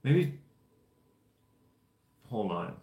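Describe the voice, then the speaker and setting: A lower-voiced young man from Canada, talking in a loose, rambling way while he paints. His voice bounces around an echoey room. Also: very animated, extremely slow, dark tone. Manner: rambling, offhand storytelling while painting figures. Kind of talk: casual chat. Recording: roomy echo.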